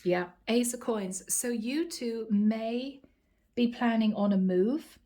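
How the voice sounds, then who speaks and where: A woman's voice: on the high side, slow, mellow, a little hiss or hum. A woman reading tarot cards to camera, earnest and speaking straight to her viewers. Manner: earnest, addresses viewers as guys. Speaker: tarot card reader.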